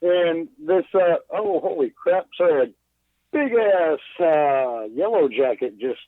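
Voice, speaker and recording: A man's voice: fairly high pitch, expressive, takes it slowly, no room sound. A man talking casually in a podcast interview, loose and self-deprecating with plenty of swearing and filler words, calling in from inside his bus. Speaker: guest glassblower. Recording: tinny phone line.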